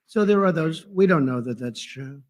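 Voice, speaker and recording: A man's voice: on the high side, animated, moderate pace, darkish tone, a little hiss or hum. A man giving a rambling, off-the-cuff political speech at a conference, full of sarcasm and digressions.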